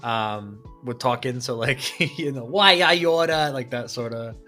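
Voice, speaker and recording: A man's voice: mid-range voice, steady tone, measured pace, a bit bright, faint music behind. A man chatting casually as a player in a tabletop game, hesitant and laughing often.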